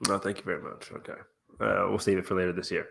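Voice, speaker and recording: A man's voice: low-pitched, level tone, fast talker, gravelly, a bit bright. A man hosting a casual fan podcast, rambling with lots of fillers, laughing often and swearing casually. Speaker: podcast host.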